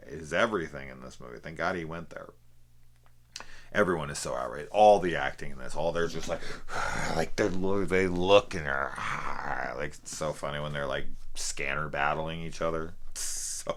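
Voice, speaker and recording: A man's voice: very deep voice, a bit bright. A young man casually reviewing a film, rambling, swearing freely and laughing at how silly it is. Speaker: movie reviewer.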